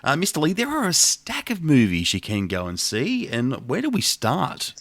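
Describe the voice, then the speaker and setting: A man's voice: a little high, wildly swooping pitch, normal speed, fairly bright tone, no echo. A man with an Australian accent, co-hosting a film podcast and teasing his co-host in casual chat. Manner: teasing, bouncy delivery.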